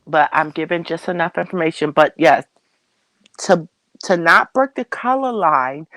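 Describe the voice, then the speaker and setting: A woman with a lowish voice, recorded close and dry, tells a personal story as a guest on a talk show. She hesitates, restarts and repeats herself, leaning on fillers as she works through the account. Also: no room sound, poor audio. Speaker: interview guest.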